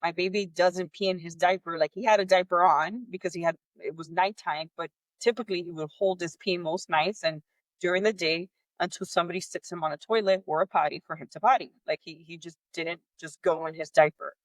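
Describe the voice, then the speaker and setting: A woman with a fairly low voice hosts a podcast, talking fairly quickly with no echo. Candid, animated and clearly exasperated, she tells a frustrating personal story, acting out the voices of the people involved.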